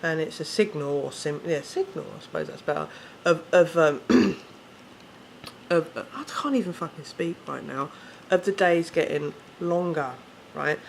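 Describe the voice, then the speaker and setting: A man's voice: a little high, unhurried, gravelly, slight background noise. A man with an English accent, ranting casually to camera, swearing often and correcting himself as he rambles. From England. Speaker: vlogger.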